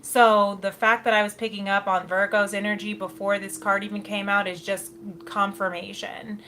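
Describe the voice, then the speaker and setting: A woman's voice: medium pitch, level tone, moderate pace, bright, forceful tone. Brief: chatty woman reading tarot, easy mid-range voice, laughs a lot, faint hiss behind. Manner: chatty, laughs often, slips into quoted asides. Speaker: tarot reader.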